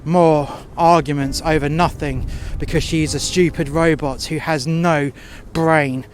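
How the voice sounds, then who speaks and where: Slightly high-voiced man, halting storyteller prone to sweary rants, recorded outdoors in the cold. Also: steady tone, slight background noise. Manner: halting, with frequent "uh" fillers and heated profane outbursts. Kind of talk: first-person storytelling monologue.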